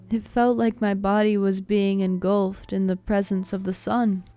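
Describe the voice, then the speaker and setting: A woman reading a first-person horror story aloud as scripted narration, in a measured, steady way. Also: mid-range voice. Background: faint background music.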